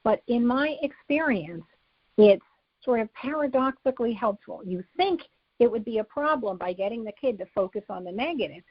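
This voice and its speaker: A woman psychologist giving advice in an interview, calmly walking through numbered steps and acting out sample phrases a parent could say. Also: mid-range voice, dry recording. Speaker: psychologist guest expert. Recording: slightly dull, dry lo-fi recording.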